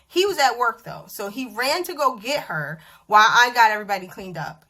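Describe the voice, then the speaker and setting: A woman in her thirties telling a story to camera at home in a chatty, animated vlog style. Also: on the high side, fairly quick. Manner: animated, chatty, acts out dialogue. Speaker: vlogger. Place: bedroom at home.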